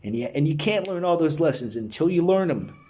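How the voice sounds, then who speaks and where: A man's voice: a little high, lively intonation, fairly quick, dark tone. A man leading a guided breathwork session, earnest and encouraging, talking in a casual, slangy way to his listeners. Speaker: breathwork facilitator.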